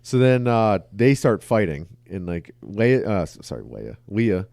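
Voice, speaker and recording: A man's voice: lowish voice, expressive, moderate pace, a little mellow, no echo. A man co-hosting a casual podcast, who rambles through plot retellings and swears freely. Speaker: podcast co-host. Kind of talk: casual film discussion.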